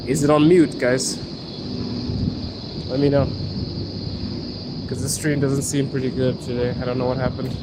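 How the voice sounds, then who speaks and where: A man's voice: mid-range voice, little pitch movement, moderate pace, pauses often. A man hosting a casual live stream while walking through a metro station, chatting directly to his viewers and recording on a handheld phone. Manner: chatty, talks straight to viewers. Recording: loud background noise from the metro. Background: metro and street noise.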